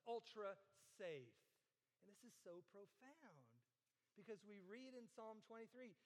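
A man's voice: very high voice, fairly bright tone, in a large hall, low-quality recording. A male pastor preaching a sermon to a congregation, earnest, repeating phrases and stretching key words. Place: church hall with audience.

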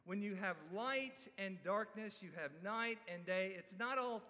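Animated preacher in an echoey hall. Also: male voice, sits high, measured pace. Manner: conversational, animated storytelling with asides. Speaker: pastor. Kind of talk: sermon. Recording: echoey hall with long reverb.

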